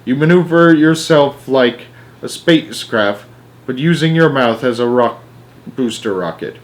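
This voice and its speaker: A man voicing an eccentric, excitable male chocolatier who pilots a flying elevator, talking briskly and theatrically. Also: medium pitch, lightly acted. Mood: instructive.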